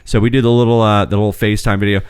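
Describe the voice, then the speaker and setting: A man's voice: fairly low pitch, level tone, racing, clean tone, dry recording, studio quality. A man in his thirties, a podcast host telling a long rambling story in casual chat, swearing freely. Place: home podcast studio.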